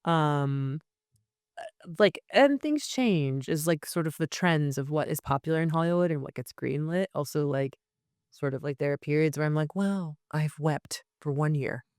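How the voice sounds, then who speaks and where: A woman, an actress in her thirties, chatting casually as an interview guest, full of fillers and quick laughs. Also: deep voice, lively intonation, darkish tone, clear, resonant tone, dry recording, studio quality.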